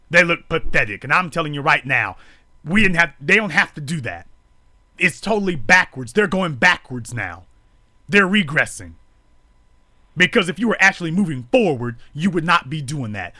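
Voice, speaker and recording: A man giving an emphatic live-streamed monologue, preaching in repetitive build-ups and rising to shouts. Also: sits high, no room sound, clean studio sound.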